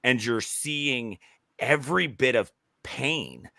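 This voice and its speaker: Bright-voiced man, halting chat. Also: mid-range voice, gravelly, no echo, studio quality. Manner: halting, many restarts, excited. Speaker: podcast co-host. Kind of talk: casual chat.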